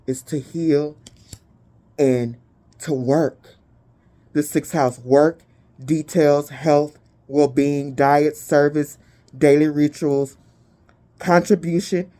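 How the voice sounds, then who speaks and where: Speaking in a low voice, a woman tarot reader offers a spiritual reading with a warm, mellow tone. Her delivery is blunt and emphatic, laced with plenty of swearing, and she slowly, deliberately reads out lists of keywords.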